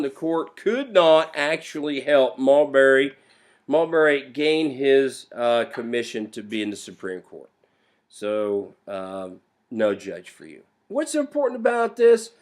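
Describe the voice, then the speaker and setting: A man giving a lively, playful classroom lecture on history, joking with students in slang. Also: a little high. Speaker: history teacher.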